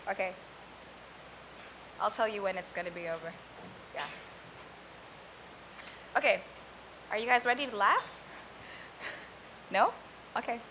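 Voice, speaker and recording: A woman's voice: mid-range voice, lively intonation, measured pace, long pauses, pushed and bright, a little hiss or hum, low-quality recording. A young woman from Sudan whose first language is Arabic, performing spoken word poetry live and chatting casually between poems. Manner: chatty and self-deprecating between poems, rhythmic when reciting.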